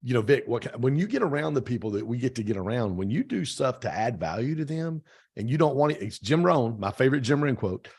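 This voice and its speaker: Fast-talking husky male podcast host. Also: medium pitch, animated, darkish tone. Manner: fast, emphatic storytelling with repeated phrases. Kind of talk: casual interview chat.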